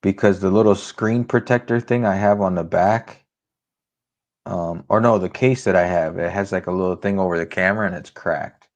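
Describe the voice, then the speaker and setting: A man co-hosting a livestream in casual chat, calmly reading out listings and viewer comments. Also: low-pitched, moderate pace. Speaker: co-host of a precious metals livestream.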